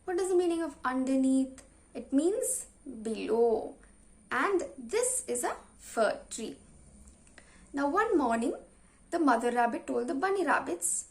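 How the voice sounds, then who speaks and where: High voiced lady teacher, talks real slow, asks the kids questions. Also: expressive. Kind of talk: explaining a story to young children.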